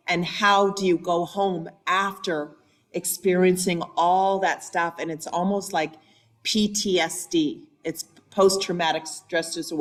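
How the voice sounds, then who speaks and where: A woman life coach giving an animated, empathetic training talk, often repeating phrases for effect. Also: lowish voice. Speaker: life coach, workshop speaker. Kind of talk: training talk to a hybrid audience.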